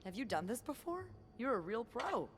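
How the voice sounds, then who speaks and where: An actress voicing an upbeat, crafty hotel worker who grew up on a farm, talking in a lively, good-humored way. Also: female voice, a little high, moderate pace, noisy background. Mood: cheerful. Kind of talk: voiced game dialogue. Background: game music.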